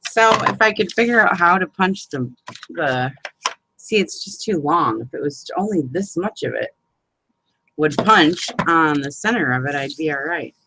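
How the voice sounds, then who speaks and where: A woman's voice: low voice, lively intonation, normal speed, noisy background. A woman hosting a live crafting chat, rambling and exasperated, swearing and laughing as she talks to viewers by name. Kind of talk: casual live chat, demonstrating a paper craft.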